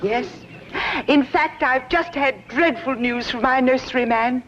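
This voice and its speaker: Haughty society matron. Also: female voice, high-pitched, measured pace, noisy background. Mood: distressed. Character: prim, haughty society matron fussing over her garden. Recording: lo-fi 1960s TV sound with laugh track.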